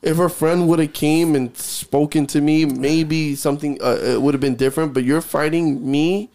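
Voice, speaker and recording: A man's voice: a little high, fairly even intonation, normal speed, a little mellow. A man co-hosting a casual podcast, animatedly telling a work story and acting out both sides. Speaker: podcast co-host.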